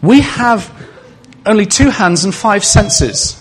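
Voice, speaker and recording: A man's voice: high voice, animated, takes it slowly, slight background noise. A male preacher giving a sermon in a conversational way, asking the congregation questions and adding humorous asides.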